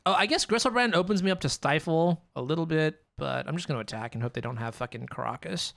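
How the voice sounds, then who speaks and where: A young adult card game player thinking aloud during a match, swearing often in frustration between calmer planning. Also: mid-range voice, quick pace, vocal fry, few pauses. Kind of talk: live gameplay commentary, thinking aloud.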